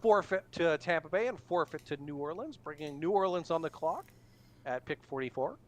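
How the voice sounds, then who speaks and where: A man runs a relaxed online hockey draft broadcast, naming picks and filling gaps with lots of ums and uhs. His voice is a little high and he talks at a normal speed.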